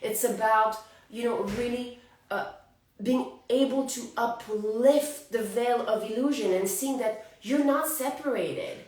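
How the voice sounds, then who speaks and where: A woman's voice: fairly high pitch, a little slow, a little mellow. A woman in her forties with a French accent, hosting a casual spiritual astrology talk for her viewers. She is chatty and laughs often between thoughts. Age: 40s. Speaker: astrology channel host. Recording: roomy, from a distance to the mic.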